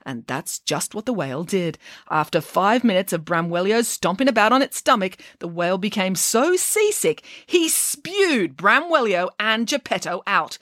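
A woman reading a children's storybook aloud, with expressive, animated narration. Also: medium pitch, dry recording, studio quality.

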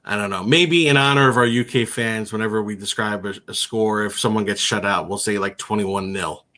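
A man's voice: on the low side, fairly quick, pushed and bright. A man co-hosting a sports radio show in casual chat, with dry, laconic replies. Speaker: podcast co-host.

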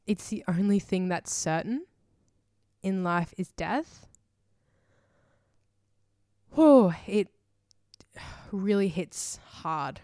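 A woman's voice: mid-range voice, takes it slowly, long pauses, dark tone, no room sound, studio quality. A woman hosting a solo podcast, talking in a rambling, emotional way full of fillers and casual swearing. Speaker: podcast host.

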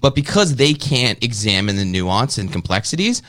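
This played clip from another podcast features a Canadian comedian and podcaster with a lowish voice at a moderate pace, recorded with no echo. He tells a rambling, animated story in casual podcast style, imitating others in mocking voices.

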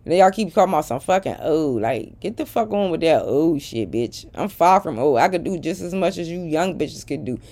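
Middle-aged woman, lower pitch, blunt and profane, casual confrontational vlog rant. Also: animated, fairly quick, hardly any pauses, a little mellow. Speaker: social media personality.

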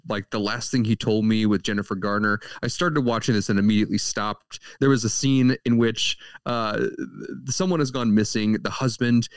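Low-voiced man chatting about a movie. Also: clear, resonant tone, dry recording. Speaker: podcast co-host. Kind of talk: casual movie review chat.

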